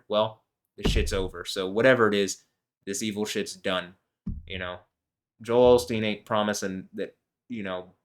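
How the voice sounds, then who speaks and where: A man reads scripture verses aloud slowly, then breaks into rambling, profane commentary. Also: on the low side, a bit bright. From United States. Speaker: host.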